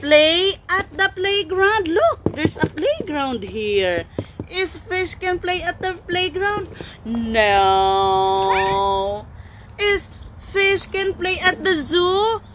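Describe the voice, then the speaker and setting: A woman filming a zoo visit on her phone, talking to her toddler in an excited, sing-song, coaxing way. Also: very high-pitched, extremely slow, a crowd in the background. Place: outdoor zoo.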